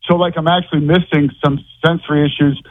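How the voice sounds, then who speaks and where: A man calling in to a sports radio show, rambling in an excitable way. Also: fairly high pitch, fast talker, dry recording. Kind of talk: phone-in call. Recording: tinny phone line.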